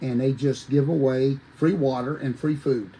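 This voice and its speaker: A man, a former wrestler telling lively, folksy stories as a podcast guest, talking straight to his listeners. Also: medium pitch, normal speed, slight background noise, rough recording. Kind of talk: animated storytelling on a podcast.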